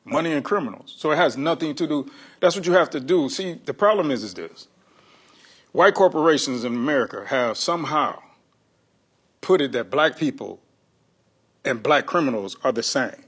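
A male comedian, a guest on an interview show, telling stories in an animated, slangy way and laughing often. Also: medium pitch, moderate pace, pauses often, slightly rough. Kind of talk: casual interview storytelling.

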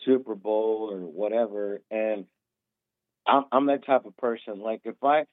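A man's voice: fairly low pitch, fairly even intonation, unhurried, no echo. A man in his thirties calling in, tipsy from drinking, rambling with lots of restarts and repeats. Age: 30s. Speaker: caller. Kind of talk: casual call-in talk. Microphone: phone. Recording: tinny phone line, dry.

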